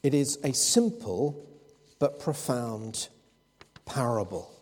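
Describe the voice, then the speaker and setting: A man's voice: medium pitch, animated, takes it slowly, darkish tone, breathy edge, faint music behind. A man preaching a sermon, explaining scripture and telling anecdotes with quoted dialogue. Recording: long hall reverb.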